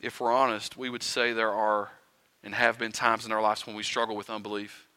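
A man preaching a sermon in a conversational way, asking the listeners rhetorical questions and swinging between quiet and loud. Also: fairly low pitch, level tone, a little fast, smooth. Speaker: pastor. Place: church sanctuary.

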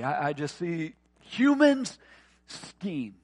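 A man preaching a sermon, earnest and often quiet and tender, then rising to forceful emphasis. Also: mid-range voice, normal speed, no echo. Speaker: pastor.

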